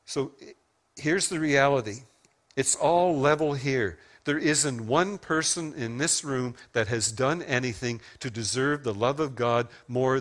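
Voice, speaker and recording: A man giving a sermon at a church service, talking in a relaxed, conversational way with touches of self-deprecating humor. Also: medium pitch. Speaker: pastor.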